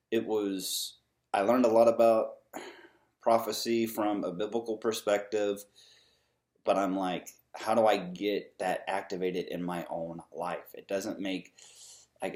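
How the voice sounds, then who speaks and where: A man's voice: on the low side, a little mellow. A man vlogging a casual, earnest rant to camera, rambling with many ums and restarts, frustrated but upbeat.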